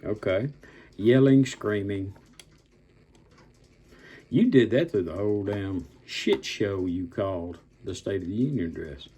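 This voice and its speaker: A man's voice: fairly low pitch, unhurried, long pauses, dark tone, slightly rough. An older man delivering an angry political rant, blunt and profane, stretching out words for emphasis and making threats. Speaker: political commentator.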